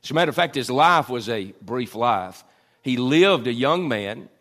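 A man's voice: medium pitch, animated, normal speed, a bit bright. A middle-aged man preaching a sermon, with many "uh" fillers and rising emphasis. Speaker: pastor.

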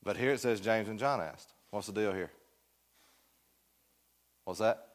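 In a church classroom, a man with a fairly low voice teaches a Sunday school Bible class at a slightly slow pace. He asks the room questions and jokes with his students in a folksy way.

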